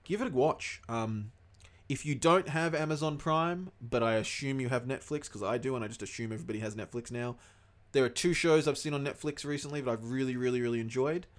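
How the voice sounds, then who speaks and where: A man's voice: mid-range voice, brisk. A young man co-hosting a casual podcast, rambling, swearing freely and losing track of names. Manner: rambling, swears a lot, loses his words. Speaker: podcast co-host.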